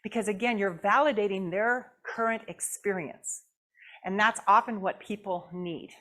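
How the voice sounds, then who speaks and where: A woman guest speaker delivers a conversational sermon in a church. Her delivery is lively and animated, and she puts questions straight to the congregation. She drops into quick little voices when she quotes other people. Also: mid-range voice. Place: church sanctuary.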